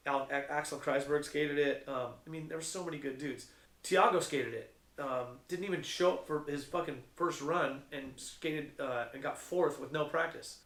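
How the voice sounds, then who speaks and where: Profane, animated man in an echoey room. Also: mid-range voice. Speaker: skate contest judge. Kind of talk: casual storytelling.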